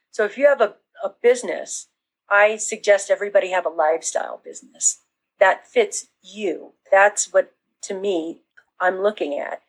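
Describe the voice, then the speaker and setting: A woman business coach talking casually in an interview, acting out excited reactions as she explains. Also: mid-range voice, rough recording. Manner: animated, acts out quoted reactions.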